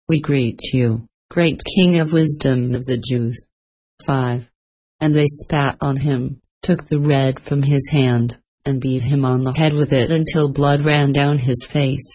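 A woman giving a steady scripted reading of a religious text, calling out verse numbers. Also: low-pitched, low-quality recording. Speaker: scripture reader.

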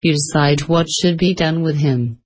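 A woman reading the lines of a stern male Roman governor in a measured, formal way. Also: low voice, a little mellow. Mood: resigned.

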